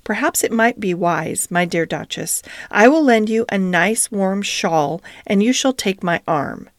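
Woman reading a polite brisk lady cat, mid voice, dry close sound. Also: medium pitch, expressive, no room sound, natural voice. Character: proper, hospitable female cat hostess.

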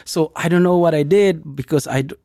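Halting, higher-voiced man telling a story. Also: no room sound, studio quality. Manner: halting, with many restarts and fillers; acts out quoted dialogue with lively jumps in pitch. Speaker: storyteller in a conversation. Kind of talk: casual personal storytelling.

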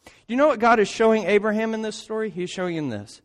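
A man's voice: high-pitched, fast. A man preaching a sermon in an emphatic way, often tossing in rhetorical asides. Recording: long hall reverb.

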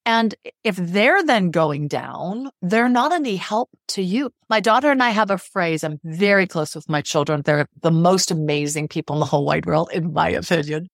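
A woman's voice: on the low side, animated, normal speed, vocal fry, hardly any pauses, no room sound, studio quality. A middle-aged woman psychotherapist speaking as a guest in a podcast interview, earnest and emphatic, repeating phrases to drive her point home.

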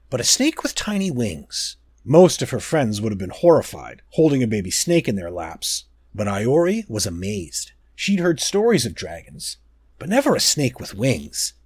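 Husky, expressive male storyteller. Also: medium pitch, no room sound. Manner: slow, expressive reading with dramatic pauses. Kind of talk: storybook narration.

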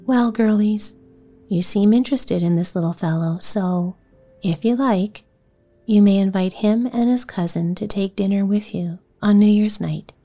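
A woman voicing a calm, kindly middle-aged father in a storybook reading. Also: mid-range voice, a little slow, soft background music. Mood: fond.

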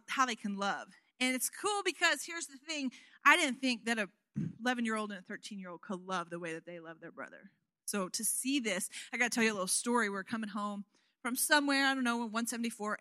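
A woman in her thirties delivers a sermon built on warm-hearted stories about her children. Her voice is bright and pitched a touch high. She talks in a chatty, animated way, often turning to the listeners with "you know what?" The sound is close and dry. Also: no room sound. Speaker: guest preacher.

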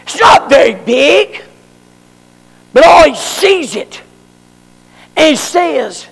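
A man preaching a fervent sermon, shouting for emphasis. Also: extremely high pitch, very animated, slow, creaky, long pauses, in a large hall.

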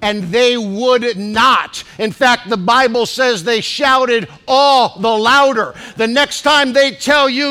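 A bishop preaching a Pentecostal sermon in a church, moving between low asides and shouted declarations and urging the congregation to respond to each other. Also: male voice, unhurried, few pauses.

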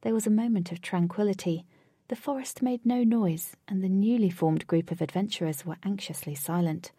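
A woman narrating a children's adventure story, often dropping to a hushed whisper for suspense. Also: mid-range voice, normal speed, breathy edge, dry recording, studio quality.

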